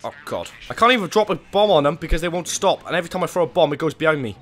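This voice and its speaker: A man hosting gameplay commentary, excitable and swinging from muttering to yelling as he plays. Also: fairly high pitch, racing, soft background music. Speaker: gaming channel host.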